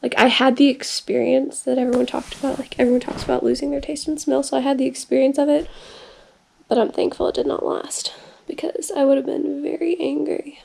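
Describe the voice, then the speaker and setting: Gravelly-voiced young woman rambling to camera. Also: high-pitched, fairly even intonation, brisk, a little mellow. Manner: rambling, full of "like" and "um" fillers. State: recovering from illness, tires easily. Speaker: vlogger. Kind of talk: casual video diary. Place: her bedroom at home. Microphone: camera filming herself.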